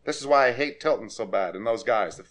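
A man preaching a sermon and directing a congregation through scripture, growing forceful and repetitive when he presses a point. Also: mid-range voice, expressive, fairly quick. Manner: emphatic, rises to forceful repetition.

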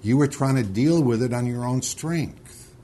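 A man's voice: mid-range voice, measured pace, warm tone, a little hiss or hum. A man leading a Bible study, reading scripture and then pressing his point with urgency, often repeating words. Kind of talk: scripture reading and heated discussion.

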